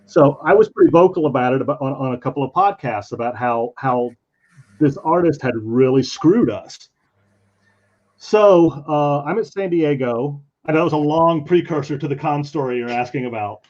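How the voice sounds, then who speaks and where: Man, comic artist, animated storytelling, slightly high voice, dull lo-fi audio. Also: normal speed. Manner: animated, acts out quoted voices. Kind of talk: casual storytelling while drawing.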